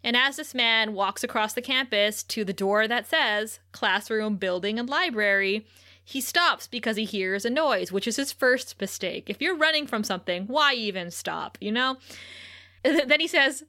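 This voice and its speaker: A woman co-hosting a casual podcast, recapping a TV episode with animated retelling and frequent laughter. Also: fairly high pitch, moderate pace. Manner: animated, laughs often, acts out quotes. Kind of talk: casual chat.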